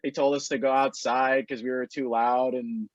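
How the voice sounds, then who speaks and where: Male musician in his twenties, storyteller, mid pitch, dry lo-fi sound. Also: little pitch movement, moderate pace, no echo. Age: 20s. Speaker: band member. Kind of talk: casual storytelling in interview. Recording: dry, dull lo-fi.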